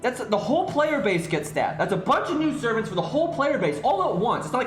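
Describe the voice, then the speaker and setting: A man's voice: very high voice, quick pace, echoey room, over music. Exasperated man ranting on a live stream. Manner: exasperated, animated, swears, many restarts. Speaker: game streamer.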